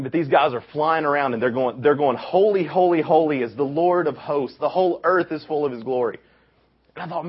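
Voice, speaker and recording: A young man with a deep voice gives a casual youth camp sermon, telling stories and acting out the quotes with lively energy. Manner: animated storytelling, acts out quotes. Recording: dull lo-fi recording.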